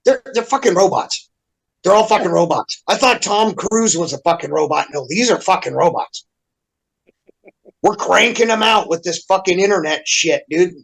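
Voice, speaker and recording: A man's voice: sits high, lively intonation, normal speed, gravelly, a bit bright, slightly rough, poor audio. Heated, profane man on a rant. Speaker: podcast regular. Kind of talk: profane ranting chat.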